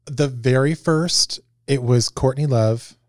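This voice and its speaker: A man's voice: mid-range voice, slow pace, a little mellow. A man as a guest in a casual chat, telling earnest, self-deprecating stories. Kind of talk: casual storytelling.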